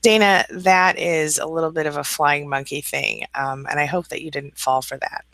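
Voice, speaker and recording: Woman live-streamer, gravelly voice, bright tone, dry close sound, chatty, warm. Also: low-pitched, steady tone, moderate pace, no room sound. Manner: warm, chatty, reads viewer comments aloud and reacts. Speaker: livestream host answering viewer comments. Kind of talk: casual live chat.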